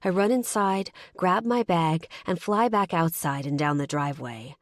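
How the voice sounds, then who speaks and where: A woman narrating a first-person audiobook in a steady, measured reading voice. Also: fairly low pitch, no room sound.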